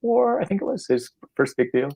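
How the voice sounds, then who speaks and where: A man's voice: high voice, a little fast, creaky, husky. A middle-aged man from Canada, a playwright and actor, telling an anecdote casually with laughs and frequent restarts. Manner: animated, laughing, acting out quotes, many restarts.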